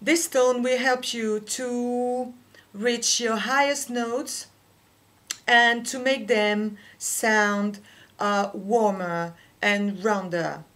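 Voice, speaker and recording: A woman whose first language is French, teaching a singing lesson and explaining slowly and carefully with small pauses. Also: a little high, steady tone, a bit bright. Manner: slow, careful explaining with fillers. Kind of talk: vocal lesson with sung demonstrations.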